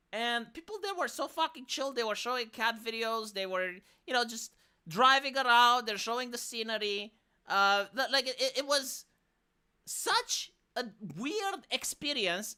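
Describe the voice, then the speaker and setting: Animated, bright-voiced Romanian woman streamer. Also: fairly high pitch. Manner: profane, exasperated, animated. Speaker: live streamer. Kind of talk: casual commentary rant.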